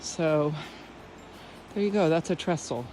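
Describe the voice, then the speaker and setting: A woman giving a casual, breathless running commentary to the camera while pedaling a gravel trail outdoors. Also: low voice, expressive, measured pace, music in the background. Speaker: vlogger on a cycling trip. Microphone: handheld or bike-mounted camera while riding. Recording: loud wind and riding noise.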